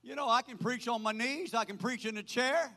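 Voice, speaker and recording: An older man preaching a sermon as pastor, swinging from loud proclaiming to quiet asides. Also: very high-pitched, fairly quick. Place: church. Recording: hall reverb.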